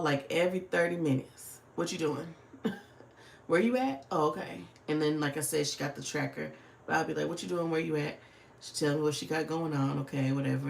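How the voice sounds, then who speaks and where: A woman's voice: deep voice, vocal fry, roomy sound. A woman, chatting casually and swearing freely on a livestream. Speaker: livestream host. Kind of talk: casual livestream chat while planning.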